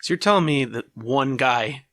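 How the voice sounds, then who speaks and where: A man's voice: medium pitch, expressive, normal speed, fairly bright tone. A man co-hosting a casual podcast, chiming in with wry, sarcastic jokes. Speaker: podcast co-host.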